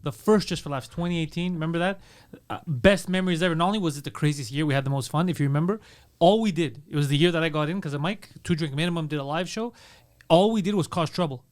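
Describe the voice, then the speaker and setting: A man with a slightly high voice talks fast and eagerly as a podcast co-host. He jumps in with quick comments and memories. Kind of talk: casual chat.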